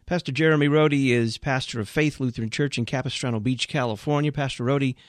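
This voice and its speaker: A man's voice: medium pitch, fairly even intonation, no echo. Upbeat male radio host, dry studio sound. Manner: brisk, upbeat announcer delivery. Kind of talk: radio talk show announcements.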